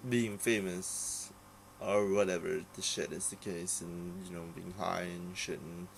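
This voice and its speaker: A man's voice: sits low, flat delivery, measured pace, gravelly, slight background noise, poor audio. A young man ranting casually about a TV series, rambling and swearing, with many fillers and restarts. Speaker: vlogger reviewing a TV series. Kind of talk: casual unscripted rant.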